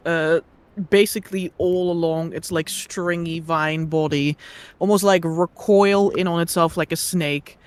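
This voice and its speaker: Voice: medium pitch, fairly even intonation, a little slow. A game master narrating a tabletop fantasy game in a casual way, with many fillers and laughs.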